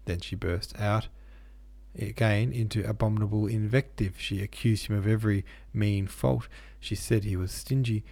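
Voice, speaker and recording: A man reading a classic novel aloud as audiobook narrator, measured and expressive. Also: fairly low pitch, creaky, no echo.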